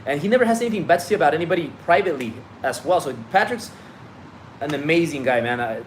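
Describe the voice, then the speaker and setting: A man's voice: a little high, animated, fast talker, slight background noise. A man giving a blunt, profane motivational talk on a livestream as a business coach, often restarting his sentences.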